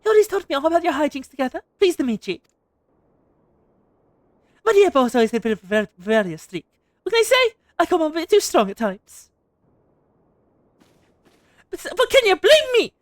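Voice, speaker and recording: A woman's voice: extremely high pitch, very animated, moderate pace, pauses often, dry recording, studio quality, voice pushed up. A woman voicing a boisterous middle-aged mother with a frying pan, in a put-on accent, reading game lines aloud. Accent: put-on British-style accent.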